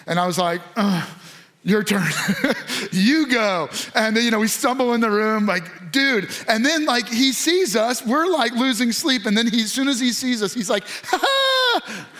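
Pastor, male, 30s, high voice, chatty storytelling sermon. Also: normal speed, a bit bright. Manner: casual storytelling with acted quotes.

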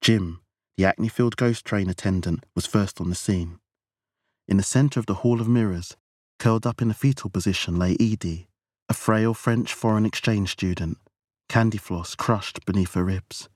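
A man narrating a novel with measured, even storytelling. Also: lowish voice, no room sound, studio quality. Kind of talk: audiobook narration.

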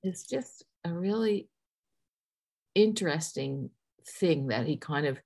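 A woman's voice: low voice, expressive, slow, gravelly, a little mellow. A middle-aged woman from Newfoundland, with a light Newfoundland accent, talking earnestly in a casual interview with many fillers and restarts. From Newfoundland, Canada. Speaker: guest.

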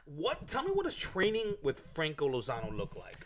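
A man's voice: on the high side, huge pitch swings, moderate pace, dull audio, crowd noise. A man hosting a casual interview, joking with his guest and giving eager backchannels. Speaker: podcast host.

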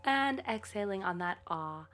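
A woman guiding a slow breathing and voice exercise in a calm, coaching manner. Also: medium pitch, a little hiss or hum. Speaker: voice instructor.

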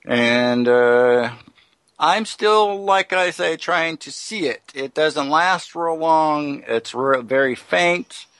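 A man co-hosting a casual talk radio show, reading out news items haltingly with many fillers and restarts. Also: on the high side, lively intonation, fairly bright tone, clear, resonant tone, no echo.

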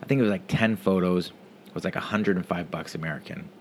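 Low-pitched guy, loose profane delivery, restarts often, faint background hum. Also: fast talker. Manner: casual, profane, rambling with restarts. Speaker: parent telling a story. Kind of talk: casual storytelling monologue.

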